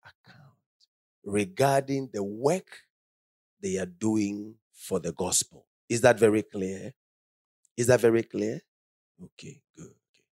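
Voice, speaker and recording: A man's voice: on the low side, takes it slowly, pauses often, darkish tone, no echo, clean studio sound. A man preaching a sermon, reading scripture with rising emphasis and asking the congregation call-and-response questions.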